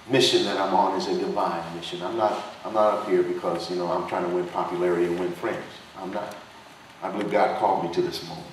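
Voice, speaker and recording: A pastor who is also running for Congress delivers an impassioned political sermon in a lowish voice, hammering his points with repetition and a rising preacher's cadence. He's recorded from a distance in a very echoey dinner hall, with faint noise humming underneath.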